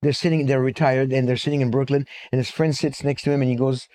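A man's voice: medium pitch, steady tone, fast talker, dark tone. A man giving a live talk with slides at a fixed microphone, speaking conversationally with frequent fillers, restarts and digressions.

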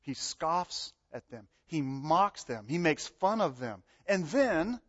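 A man preaching a sermon, animated, acting out the voices he quotes and swinging between loud and soft. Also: on the high side, slow, slightly rough. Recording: dull lo-fi sound.

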